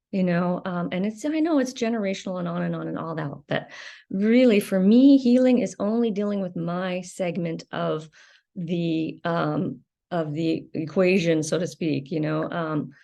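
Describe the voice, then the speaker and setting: Female host, reflective solo talk; hesitant, frank, pauses often, blunt when angry. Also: on the low side, gravelly, darkish tone. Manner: candid, hesitant, many ums, swears when angry. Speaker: video host sharing recovery experience. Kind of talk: reflective personal monologue.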